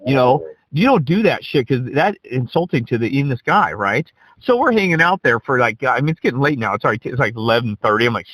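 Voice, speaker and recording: A man's voice: mid-range voice, animated, fast talker, a bit bright, dry recording, rough recording. Rambling, profane male storyteller. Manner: rambling, profane, keeps asking "right?". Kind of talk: casual spoken anecdote.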